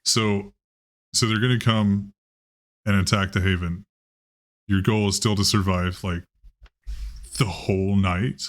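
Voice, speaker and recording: Casual low-voiced male game master. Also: fairly even intonation, unhurried, long pauses. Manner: casual and loose, with swearing. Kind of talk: running a tabletop game.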